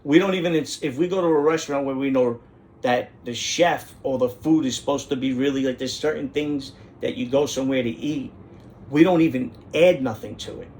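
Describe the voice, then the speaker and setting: A man, hosting and telling a street story in a brash, profane, animated way. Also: mid-range voice, brisk, slight background noise. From New York. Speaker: host. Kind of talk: casual storytelling monologue.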